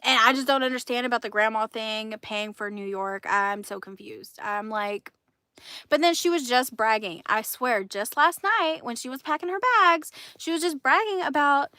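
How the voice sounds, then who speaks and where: Woman, livestream host, casual gossip, indignant, animated, dry sound. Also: fairly high pitch, moderate pace, no room sound. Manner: animated, indignant, laughs often.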